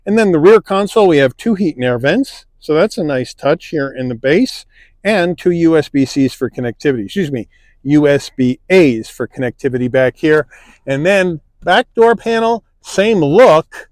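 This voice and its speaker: A man narrating a car review, calmly listing interior features one by one, recorded inside a car. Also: on the high side, moderate pace, no echo. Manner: relaxed, plain-spoken, listing features one by one.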